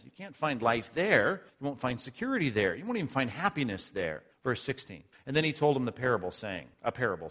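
A man's voice: mid-range voice, sing-song, brisk, hardly any pauses, a bit bright, breathy edge. Earnest male pastor preaching. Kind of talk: sermon.

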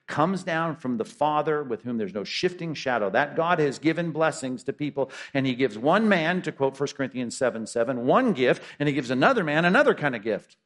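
A man's voice: mid-range voice, fairly bright tone. A man preaching a sermon as pastor, emphatic and full of rhetorical questions.

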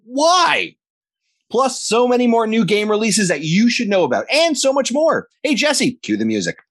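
A Canadian man co-hosting a podcast in casual banter, given to animated mock-outraged rants. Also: very high voice, moderate pace. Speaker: podcast co-host.

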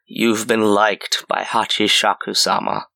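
A stern elderly grandfather speaks intensely and urgently. A man puts him on while narrating, with a bright, forward tone. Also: on the low side, level tone, unhurried, creaky, no echo, exaggerated voice. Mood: grave.

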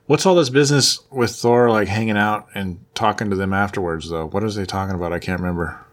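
A man's voice: lowish voice, fast talker. A man co-hosting a podcast, casually recalling story details. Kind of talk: casual chat.

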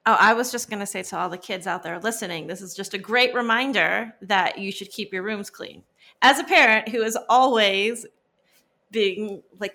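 Gravelly-voiced woman co-host. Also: mid-range voice, normal speed, sharp tone. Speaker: podcast co-host. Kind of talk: casual chat.

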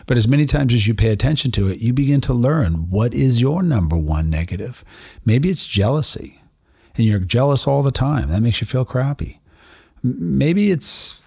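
Gravelly-voiced man hosting a self-help podcast. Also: medium pitch, a little mellow, no room sound, clean studio sound. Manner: earnest, self-reflective, addresses listener directly. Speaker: podcast host, doctor treating patients. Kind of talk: solo motivational podcast monologue.

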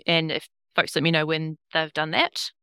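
A woman game master explains the rules in a loose, rambling way and swears casually. Her voice is bright and crisp, and the sound is dry and close. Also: low voice, little pitch movement, moderate pace, no echo.

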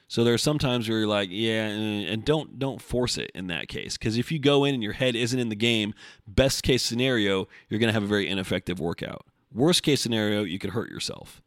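A man's voice: fairly low pitch, dry recording, clean studio sound. A man hosting a casual solo podcast from home, blunt and profane, rambling with restarts. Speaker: podcast host. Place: home, recording before the gym.

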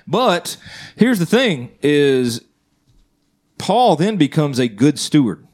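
A man's voice: fairly high pitch, big pitch swings, slow, a little mellow. A man co-hosting a Christian podcast, talking earnestly in a loose conversational way and checking in with the others. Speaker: podcast co-host. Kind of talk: casual Christian podcast chat.

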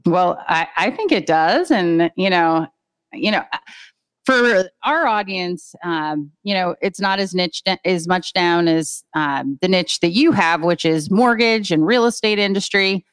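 A woman's voice: on the low side, expressive, a little slow, smooth. A woman co-hosting a podcast, introducing a guest in an upbeat, casual way and stumbling over her words now and then. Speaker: podcast co-host.

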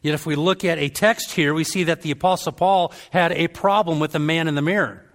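Man preaching a lively sermon. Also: on the high side, brisk. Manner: lively storytelling, acts out quoted voices.

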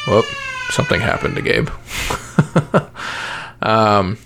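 Man, thirties, gravelly voice, easygoing rambling chat about kids; natural delivery. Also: lowish voice, huge pitch swings, slow, background noise. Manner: rambling, many fillers and restarts. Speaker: parent podcast guest. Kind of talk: casual chat.

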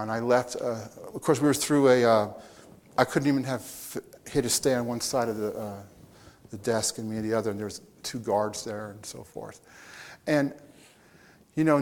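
A male preacher delivering a conversational sermon, voice pitched in an ordinary middle range. He tells stories in a lively way, breaking off for quick asides and chuckles to his listeners. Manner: storytelling with asides to the audience; animated, with restarts and chuckles.

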